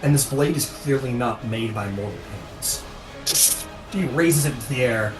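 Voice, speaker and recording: A man's voice: medium pitch, unhurried, recorded from a distance. A man narrating a tabletop game as game master, rambling with many fillers. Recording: echoey room, music behind.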